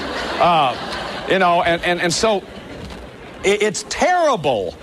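A man's voice: high-pitched, wildly swooping pitch, slow pace, pauses often, a bit bright, slight background noise. A man leading a workshop, lecturing an audience in an earnest, emphatic way, often stopping to say "see". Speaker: workshop leader.

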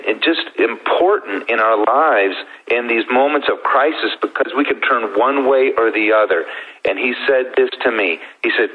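A middle-aged man telling his personal story as a guest, earnest and heartfelt with slow pauses. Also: medium pitch. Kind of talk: emotional personal testimony. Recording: thin phone-like sound.

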